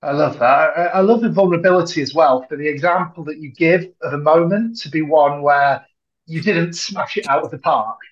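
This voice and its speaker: Brief: male podcast host, fairly high voice, appreciative, dull distant audio. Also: a little fast. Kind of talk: interview chat.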